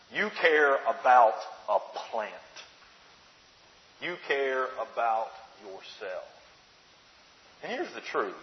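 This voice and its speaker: Male preacher, high lively voice, conversational sermon, rhetorical questions, echoey hall, muffled sound.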